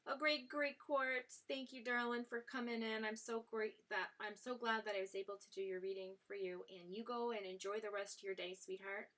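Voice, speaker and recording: Bright-voiced woman chatting on a live stream. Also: on the high side, steady tone, moderate pace. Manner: affectionate, calls viewers sweetheart and darling; chatty, laughs often, with frequent fillers. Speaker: tarot reader hosting a live stream. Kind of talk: casual live-stream chat and tarot reading.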